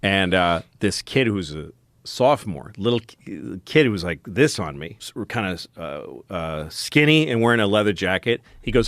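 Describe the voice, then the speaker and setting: A comedian joins casual chat as a guest and tells a self-deprecating story, acting out the other voices. His voice is lowish and swings widely in pitch. The sound is dry and close. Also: big pitch swings, normal speed, a bit bright, dry recording.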